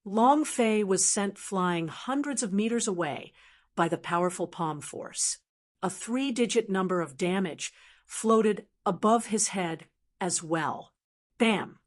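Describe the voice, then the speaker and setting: A woman narrating a fantasy audiobook in a steady, even storytelling manner. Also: medium pitch, a little slow. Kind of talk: scripted narration.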